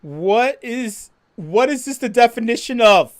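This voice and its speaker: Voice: medium pitch, unhurried. A livestream host chatting casually, reading viewer comments and ranting with lots of swearing and laughter. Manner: profane, laughing, animated rant.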